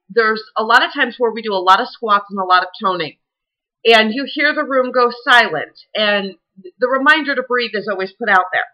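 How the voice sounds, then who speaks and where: A woman's voice: a little high, bright, forceful tone, rough recording. A young adult woman with a Southern US accent, a fitness instructor giving chatty, encouraging workout advice to the camera. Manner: chatty and encouraging, many fillers. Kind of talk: casual advice talk to camera.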